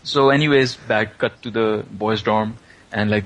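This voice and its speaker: A man's voice: lowish voice, fairly even intonation, moderate pace, fairly bright tone, a little hiss or hum, low-quality recording. Man casually rambling through a story recap. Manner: rambling, filler-heavy storytelling.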